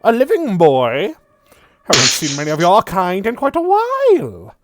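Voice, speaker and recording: A man's voice: huge pitch swings, a little slow, noisy background, exaggerated voice. A man voicing a jolly old male skeleton archdruid who chuckles at his own jokes. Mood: jovial. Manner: booming chuckling theatrical old voice.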